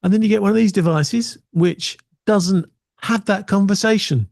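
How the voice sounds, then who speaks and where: A man in a casual chat, explaining video gear in a relaxed, self-mocking way. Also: sits high, normal speed, vocal fry, dry recording, studio quality.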